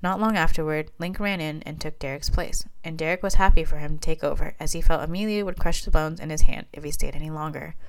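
A woman reads her own fan fiction aloud in a plain, even manner. Her voice sits low. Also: fast, few pauses. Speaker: reader and writer of fan fiction.

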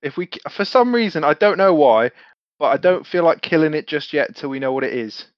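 Halting man player, dull dry sound. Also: on the high side, animated, no echo. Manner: halting, restarts, laughing. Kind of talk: casual tabletop play.

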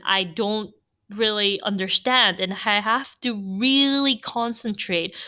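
Bright-voiced Filipino woman chatting. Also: medium pitch, smooth. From Philippines. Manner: chatty and candid, frequent fillers and light laughs. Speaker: podcast host. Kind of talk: casual solo podcast talk.

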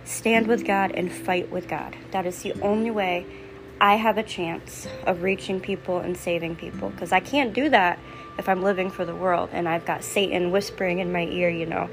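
A woman's voice: fairly low pitch, steady tone, normal speed, over music, low-quality recording. A young adult woman, a mother, giving an earnest, emphatic personal faith testimony to her viewers. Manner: earnest and emphatic, with repeated declarations.

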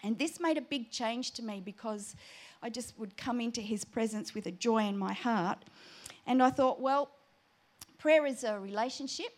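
A woman telling a personal prayer story in an animated, chatty sermon. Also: a little high, moderate pace. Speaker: preacher.

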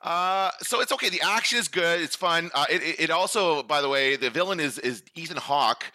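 A man co-hosting a casual chat, talking in a rambling, animated way and laughing often. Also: a little high, brisk, no room sound. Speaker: podcast co-host.

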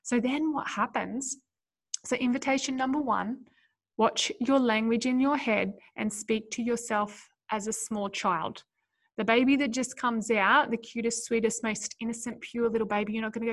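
A woman's voice: on the high side, steady tone, normal speed. A woman hosting a solo podcast, coaching mothers in an earnest, encouraging way and speaking straight to her listeners.

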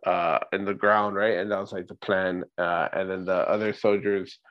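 A man with a lowish voice co-hosts a relaxed movie rewatch show. He recaps the plot scene by scene and keeps asking "right?" along the way. The audio sounds somewhat dull and lo-fi. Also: moderate pace. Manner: recaps scenes step by step, often checking in with "right?". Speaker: podcast co-host. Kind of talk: casual movie rewatch chat.

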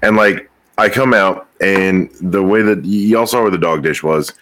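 A man's voice: deep voice, normal speed, fairly bright tone. A man in casual chat who tells what happened step by step, bluntly and with some swearing.

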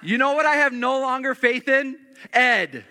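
A man's voice: very high voice, normal speed, a little hiss or hum. A middle-aged male pastor preaching a joking, story-driven sermon, rambling and repeating himself as he goes. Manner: animated, rambling, repeats and restarts phrases, joking. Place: church sanctuary. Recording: long reverb in a church hall.

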